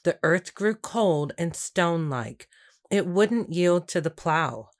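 A woman narrating a historical tale as scripted storybook narration, measured and even. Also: lowish voice.

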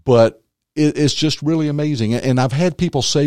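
A man, a former magician and comedian turned minister, tells his faith story as an interview guest, animated and acting out the voices of others. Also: mid-range voice, unhurried, no echo, studio quality. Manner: animated storyteller who acts out quotes. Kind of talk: personal faith testimony in conversation.

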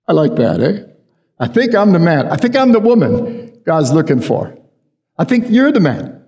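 A man's voice: on the high side, very animated, moderate pace, dark tone. A man preaching a sermon in a conversational way, often asking the congregation questions. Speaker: pastor. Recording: long hall reverb.

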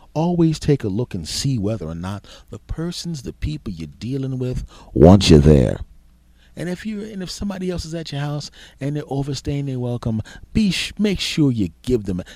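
Male podcast host, mid-pitched, crude rambling comic storyteller, dry recording. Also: warm tone, no room sound. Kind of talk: comedic monologue.

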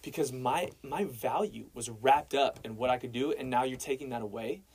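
A young man speaks at medium pitch and normal speed, his voice darkish with a breathy edge, on a rough recording. He's a guest sharing his personal faith testimony, telling it casually like a story and dropping "man" and "bro" along the way.

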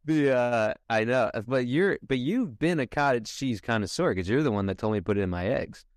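A man hosting a podcast, playful in casual chat and quick to laugh. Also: mid-range voice, expressive, dry recording, studio quality. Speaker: podcast host.

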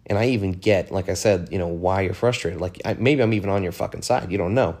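A man hosts a podcast on his own, delivering a casual solo monologue that is frank, rambling, profane, and full of fillers. He talks fast in a low voice with a darkish tone.

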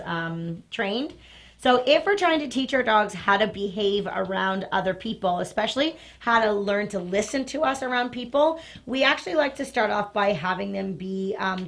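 Bright-voiced woman demonstrating dog training. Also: medium pitch. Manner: explains step by step, breaks off to praise the dog. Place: outdoors near a train station.

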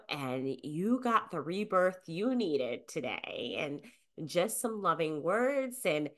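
Gentle, slow-talking woman podcast host. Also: deep voice. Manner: gentle and nurturing, with unhurried soft emphasis. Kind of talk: soothing self-help podcast monologue.

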